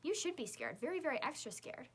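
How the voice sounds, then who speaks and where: A woman narrating a children's chapter book in the first person, in a lively, girlish storytelling voice. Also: high-pitched, quick pace. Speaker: audiobook narrator.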